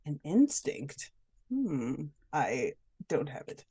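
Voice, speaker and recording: A woman's voice: deep voice, big pitch swings, slow pace, noisy background. A young woman playing a character in a tabletop game, speaking hesitantly with many restarts. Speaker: player. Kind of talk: tabletop role-play.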